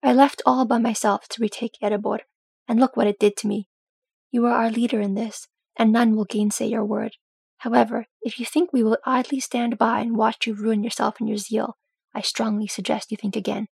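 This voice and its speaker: A woman's voice: a little high, little pitch movement, moderate pace, creaky, a little mellow, husky, no room sound. A woman voicing a stern, loving old male dwarf lord who speaks to his son in a firm, commanding way.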